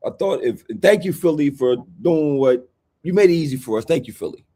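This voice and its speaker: A high-voiced man talking basketball with a hyped, preachy swagger. He speaks, and his delivery keeps rising into loud, animated riffs. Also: a little fast. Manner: hyped, preachy, swings into shouting impressions. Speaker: podcast co-host, basketball fan. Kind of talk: animated sports chat.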